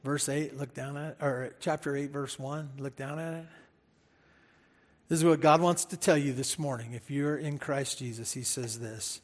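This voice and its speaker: A man preaching a sermon as pastor, emphatic and animated, repeating words for stress and speaking straight to the congregation. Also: mid-range voice, normal speed. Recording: hall reverb.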